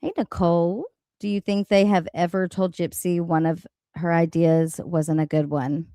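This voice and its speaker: A woman's voice: lowish voice, fairly even intonation, moderate pace, mellow, no room sound. A woman hosting a casual livestream, ranting bluntly with lots of swearing and laughter, reading out chat comments. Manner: profane, blunt, laughing often. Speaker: livestream host. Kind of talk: casual live-stream rant.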